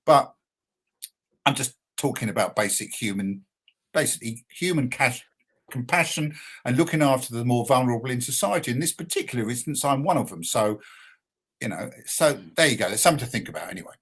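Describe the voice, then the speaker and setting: A man's voice: medium pitch, animated, fairly quick, fairly bright tone, slightly rough. An older man, a punk poet and musician, talking earnestly and plainly as a guest in a radio interview. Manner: earnest, emphatic, plain-spoken.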